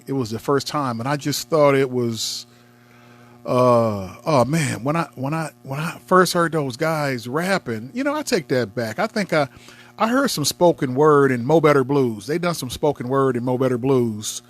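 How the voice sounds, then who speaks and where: Animated laughing man chatting about movies. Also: medium pitch, moderate pace. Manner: laughing, animated, trails off quietly. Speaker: co-host. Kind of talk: casual chat about movies.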